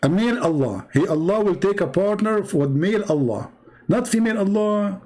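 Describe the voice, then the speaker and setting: A man with a somewhat high-pitched voice hosts a live-streamed religious debate. His tone is mocking and sarcastic, and he laughs at his opponent. He repeats his points over and over for emphasis. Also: sing-song, brisk, warm tone, husky. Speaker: livestream host debating a caller.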